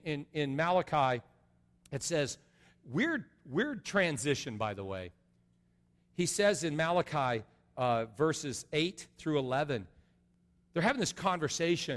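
A middle-aged man preaching an earnest sermon as a pastor, going from soft and low to loud and high. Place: large church sanctuary. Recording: long reverb of a large hall.

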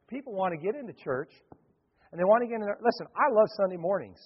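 A man preaching a sermon to a congregation, telling a story with lively acted-out crowd voices. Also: high-pitched, quick pace, husky. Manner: animated, acts out crowd voices. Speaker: pastor. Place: church hall. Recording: dull lo-fi hall recording.

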